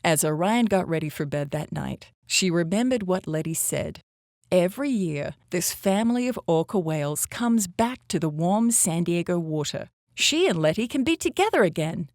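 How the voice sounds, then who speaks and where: A woman reading a children's story aloud in an animated storytelling voice. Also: on the low side, normal speed, dry recording, clean studio sound. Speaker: storybook reader.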